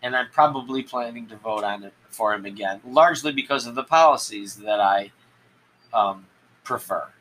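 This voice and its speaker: A man hosting a solo podcast, talking in a rambling, halting way with many restarts. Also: mid-range voice, a bit bright, slight background noise, rough recording. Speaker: podcast host. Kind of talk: solo political commentary podcast.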